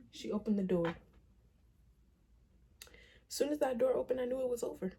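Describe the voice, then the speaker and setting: A young woman vlogger recounts a personal story to her viewers, dramatic and profane, often breaking off to address them directly. Her voice is medium in pitch and warm, with a breathy edge.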